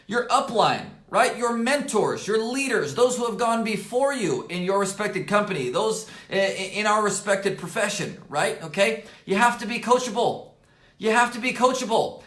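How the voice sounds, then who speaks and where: A man coaching on camera from his office desk, slightly hoarse, talking emphatically, repeating key points and dropping "right?" and "okay?" between phrases. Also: high voice. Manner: energetic and emphatic, fills pauses with "right?" and "okay?". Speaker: network marketing coach. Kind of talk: motivational coaching talk to camera. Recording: roomy echo.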